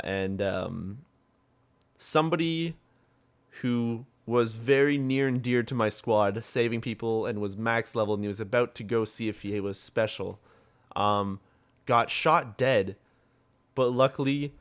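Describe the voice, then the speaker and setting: A man's voice: mid-range voice, measured pace, smooth. A young man co-hosting a casual gaming podcast, rambling through stories, laughing often and swearing freely. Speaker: podcast co-host.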